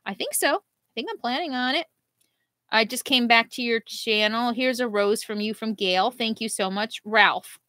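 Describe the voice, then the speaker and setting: Middle-aged woman vlogger, bright and dry, choked-up live chat answering comments. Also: on the high side, no echo. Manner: emotional, halting, laughs through grief. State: near tears at times.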